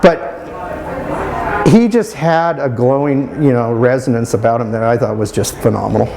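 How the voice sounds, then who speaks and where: A man in his fifties, remembering his school days in an interview. He speaks at a middle pitch with a fond, admiring tone, often pausing, restarting and filling gaps with "you know". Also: gravelly. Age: 50s. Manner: halting, with many restarts and "you know" fillers. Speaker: alumnus interviewee. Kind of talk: reminiscing interview answers.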